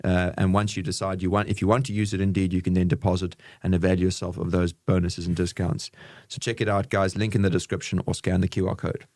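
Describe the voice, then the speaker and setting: A man's voice: level tone, darkish tone, dry recording, studio quality. A man co-hosting a live crypto news show, talking casually and calling people bro. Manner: casual, says bro and man, quick pitch. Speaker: co-host.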